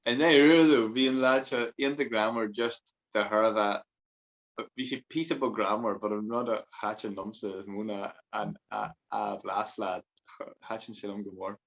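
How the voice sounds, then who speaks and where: Low-voiced man telling rambling stories. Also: fairly even intonation, unhurried, creaky, highs cut off. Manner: rambling, switches between Irish and English, laughs often. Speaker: podcast guest. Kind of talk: casual storytelling chat.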